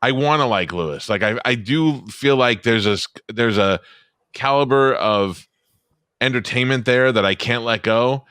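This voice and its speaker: A man's voice: medium pitch, normal speed, a bit bright, smooth, no room sound, clean studio sound. A man co-hosting a podcast in casual chat, telling stories bluntly and swearing freely. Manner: blunt, profane, storytelling. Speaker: podcast co-host.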